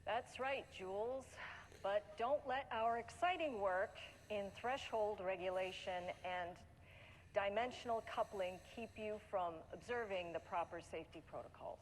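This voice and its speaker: A woman's voice: medium pitch, measured pace, slight background noise, natural voice. An actress playing a dry, irritable female scientist co-hosting a corporate welcome video, heard through an echoey in-game recording. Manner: flat, sardonic, barely playing along. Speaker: head of research. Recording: reverberant in-game video, faint ambience.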